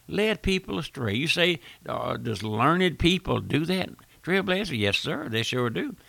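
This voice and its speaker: A man's voice: on the high side, sing-song, measured pace, gravelly, sharp tone, no room sound. An older man preaching a fiery radio sermon, folksy and emphatic, repeating phrases and rising to bursts of force.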